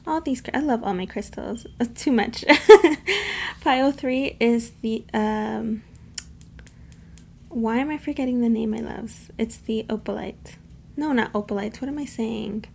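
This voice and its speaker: A woman giving a casual pick-a-card tarot reading to camera, chatty and affectionate, addressing her viewers warmly. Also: on the high side, measured pace, gravelly, slight background noise. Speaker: tarot reader.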